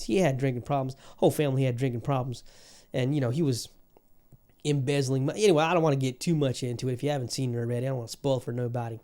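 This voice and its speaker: A man hosting a casual podcast, putting on a Southern US drawl as he rambles. His voice is mellow and warm. He swears freely and gets worked up, then eases back into easy chat. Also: medium pitch. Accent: put-on Southern US. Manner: profane, rambling, fired up. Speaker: podcast host. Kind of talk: casual solo podcast monologue.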